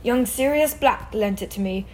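A woman reads in the voice of a huge, kind-hearted bearded giant from a storybook. He is gruff and plain-spoken, yet gentle. The voice sits fairly high and carries loudly. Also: moderate pace, a little hiss or hum, natural voice. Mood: earnest. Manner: rough gentle gruff, tearful at times.

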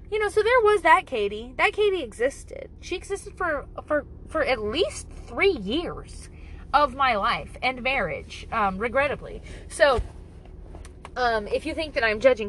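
A woman's voice: high voice, animated, normal speed, a bit bright, a little hiss or hum, rough recording. A woman talking casually to camera with parenting advice, blunt and profane, joking and exaggerating as she goes.

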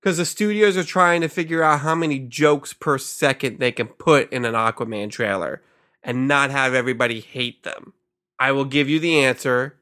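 A man's voice: medium pitch, moderate pace, pushed and bright. A man co-hosting a podcast, debating bluntly and emphatically. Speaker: podcast co-host. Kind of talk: casual podcast banter.

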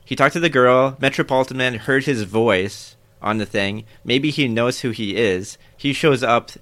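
A man's voice: mid-range voice, normal speed, fairly bright tone. A man co-hosting a casual anime discussion, thinking aloud in long rambling turns full of fillers. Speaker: podcast co-host.

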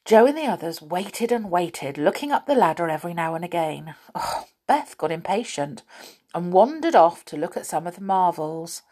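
A woman reading a children's chapter book aloud in an unhurried, chatty way. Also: on the low side, very animated, mellow, slightly rough. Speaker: storyteller.

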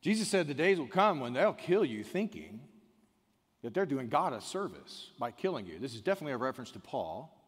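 Male pastor, sermon delivery, medium pitch, long church-hall reverb, dynamic from hushed to shouting. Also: very animated, a little fast, husky. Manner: swings from quiet and intimate to loud, shouted emphasis.

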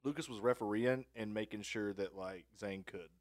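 A man's voice: lowish voice, normal speed, no echo, studio quality. A man co-hosting a comedy podcast, chatting casually and swearing freely. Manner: laid-back, swearing freely. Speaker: podcast co-host.

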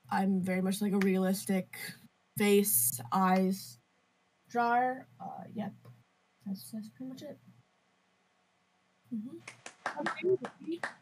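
A woman's voice: mid-range voice, darkish tone, low-quality recording. A teenage girl chatting casually on a school club podcast, playful and teasing, giggling easily. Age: teens. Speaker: anime club member.

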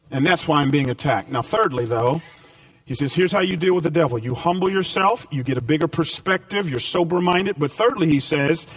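A man preaching a sermon as pastor, climbing to emphatic points and dropping to a quiet storytelling tone. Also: on the high side, fairly quick, no room sound, recorded from a distance.

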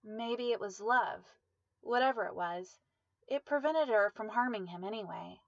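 Woman, storyteller, steady measured reading, dull lo-fi sound, dry. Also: medium pitch, gravelly, no echo. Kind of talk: reading a dramatic story aloud.

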